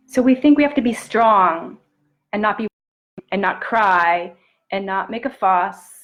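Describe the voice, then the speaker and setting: A woman coach speaking live to her viewers in an earnest, intimate and encouraging way, sometimes dropping to a soft near-whisper. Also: mid-range voice, unhurried, dull audio. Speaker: self-love coach. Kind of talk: live-streamed motivational talk.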